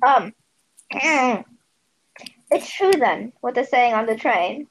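High, lively woman chatting. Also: slow, poor audio. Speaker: co-reader. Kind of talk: casual chat.

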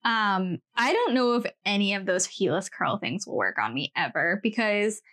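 A woman's voice: medium pitch, animated, moderate pace, fairly bright tone. Playful woman co-host. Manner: playful teasing, quotes others. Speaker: podcast co-host. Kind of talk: casual chat.

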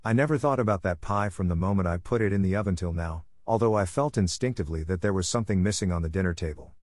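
A man's voice: sits low, fast, darkish tone, no room sound, clean studio sound, close to an everyday voice. A man voicing an imaginative, eager orphan girl of about eleven, talking in a breathless, dramatic rush. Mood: earnest.

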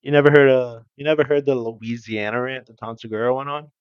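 Laid-back podcast co-host. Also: male voice, mid-range voice, steady tone, fast, clean tone, no room sound, muffled recording. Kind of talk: casual comedy podcast banter.

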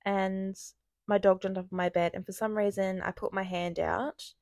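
A woman's voice: medium pitch, little pitch movement, moderate pace, darkish tone, dry recording, clean studio sound. A young woman co-hosting a podcast, chatting casually, swearing often and laughing through her own stories. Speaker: podcast co-host. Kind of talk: casual chat.

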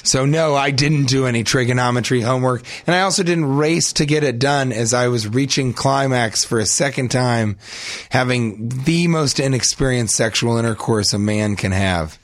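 Brief: young man, podcast co-host, dry close-miked deadpan storyteller. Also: medium pitch, normal speed, dry recording. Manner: deadpan absurd storyteller, bursts into shrieking acted voices.

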